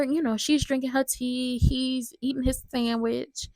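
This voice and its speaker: A woman recaps soap episodes in a chatty, animated way and talks straight to her viewers. Her voice sits fairly high and has a gravelly rasp. The sound is close and dry, with no room echo. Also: a little slow, hardly any pauses. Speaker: soap opera recap host. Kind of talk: casual soap opera recap commentary.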